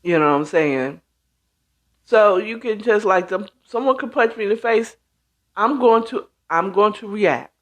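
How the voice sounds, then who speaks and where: A woman hosting a casual talk show, speaking emphatically and acting out quoted reactions as she goes. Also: medium pitch. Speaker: host.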